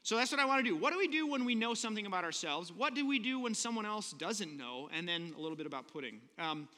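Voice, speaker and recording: A lively, high-voiced man preaches, his pitch leaping around as he tells the story with jokes and quick character voices. His tone is bright and sharp, and a long hall reverb trails after each phrase. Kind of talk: sermon.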